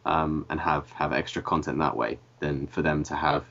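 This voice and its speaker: Podcast co-host, male, very deep voice, hesitant, muffled lo-fi sound. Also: steady tone, normal speed, gravelly, hardly any pauses, fairly bright tone. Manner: hesitant, speculative, filler-heavy. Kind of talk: casual chat about games. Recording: dull lo-fi podcast audio.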